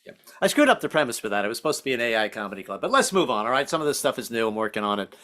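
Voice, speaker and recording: A man performing a stand-up comedy set, animated and self-deprecating, slipping in and out of character voices. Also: medium pitch, racing. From Southern United States family. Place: online virtual comedy show.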